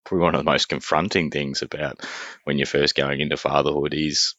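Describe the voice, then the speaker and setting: A man, a father co-hosting a podcast, talking in a relaxed, hesitant way with many fillers. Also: rumbling low, fairly quick, dry recording. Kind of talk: casual podcast chat. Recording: dull, dry muffled mic.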